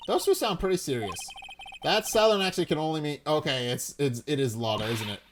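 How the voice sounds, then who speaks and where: A man hosting a let's-play, reading a courtroom game aloud in a wry, low-key, chatty way. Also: animated, fairly quick, slight background noise.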